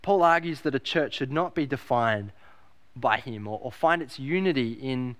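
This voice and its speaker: A man's voice: medium pitch, expressive, moderate pace, a bit bright. A man preaching a sermon as pastor, emphatic, repeating key phrases and asking rhetorical questions.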